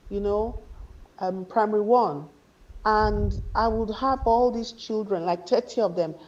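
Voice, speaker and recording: A woman from Nigeria, an author guest, telling a story from her childhood in an interview. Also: on the low side. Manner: reflective, quotes her father warmly in a raised voice. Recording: dull lo-fi sound.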